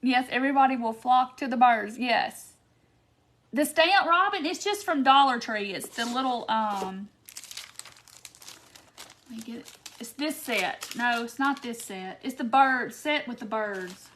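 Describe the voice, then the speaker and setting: A woman's voice: fairly high pitch, lively intonation, unhurried, fairly bright tone, slight background noise. A woman hosting a live craft tutorial, chatty and laughing often as she reads viewer comments by name. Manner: giggly, keeps breaking into laughter. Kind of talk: casual live-stream chat.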